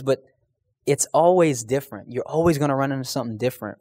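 Telling stories and asking his listeners questions, this preacher delivers an earnest, casual sermon, frequently stopping with "um" and starting his sentences over. He has a mid-range, slightly mellow voice, captured with no room sound.

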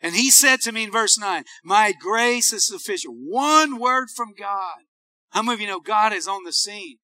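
A man's voice: high-pitched, expressive, moderate pace, bright, forceful tone, dry recording. A man preaching a fervent call-and-response sermon as pastor.

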